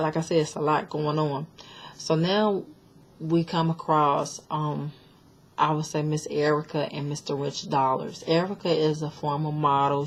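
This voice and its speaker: A woman with a notably low voice talks through a reality show episode in a loose, rambling way. She is blunt and sassy with her opinions and fills her talk with ums, likes and restarts. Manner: chatty, opinionated, many fillers and restarts. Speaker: show recap vlogger. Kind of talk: casual reality-show recap.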